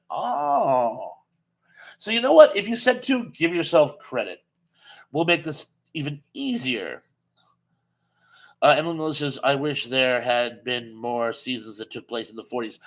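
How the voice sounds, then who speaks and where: Reading out comments from viewers and chuckling at his own gags, this host runs a live-streamed TV trivia quiz in a relaxed, chatty manner. He has a medium-pitched, somewhat bright voice.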